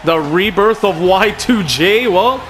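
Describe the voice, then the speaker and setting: A man hosting and commenting on a wrestling video game in a casual, excitable way, often calling people "man". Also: high voice, slow, soft background music. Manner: excitable, frequent "man", shouts at the action.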